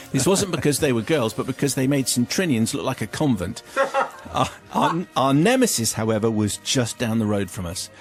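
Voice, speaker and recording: An English man hosts a radio show and reads a listener's story aloud in a playful way, stopping now and then for a joke. His pitch sits in an ordinary middle range, and faint music runs under the broadcast. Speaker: radio host reading listener confessions. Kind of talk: radio chat, reading letters aloud.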